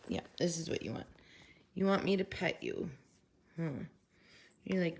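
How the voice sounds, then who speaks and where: A woman's voice: deep voice, slow, vocal fry, pauses often, darkish tone. A woman hosting a casual crafting vlog, chatty and upbeat, calling her crafts cute. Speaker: craft channel host.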